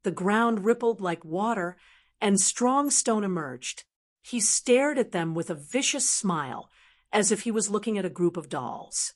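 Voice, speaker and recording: Female narrator, steady audiobook read, mid pitch. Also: a little slow.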